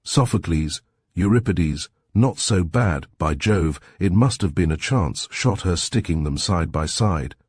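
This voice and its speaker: A man doing a gruff, snappish old general. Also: low-pitched, lively intonation, a little slow, darkish tone, no echo, clean studio sound, heavily acted. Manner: snappish, barking.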